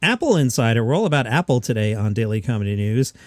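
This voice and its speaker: A man hosting a comedy news podcast, talking in a quick, chatty, self-mocking way. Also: medium pitch, sing-song, a little mellow, no echo, studio quality. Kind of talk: casual comedy news commentary.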